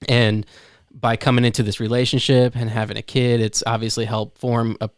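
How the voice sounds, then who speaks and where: Man in his 30s, podcast host, smooth voice, dry close sound. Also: mid-range voice, level tone, moderate pace, no room sound. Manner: thoughtful, encouraging, restarts phrases. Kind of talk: casual interview chat.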